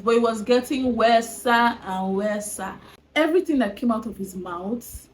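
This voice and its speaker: A young woman tells a dating story to her viewers, animated and exasperated. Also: on the high side, slight background noise, rough recording. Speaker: vlogger. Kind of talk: storytime vlog.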